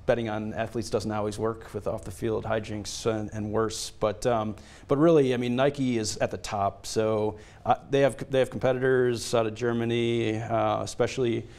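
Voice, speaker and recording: Low-voiced male fund manager. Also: moderate pace. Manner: steady, explanatory, with hesitant fillers. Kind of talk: measured investment analysis.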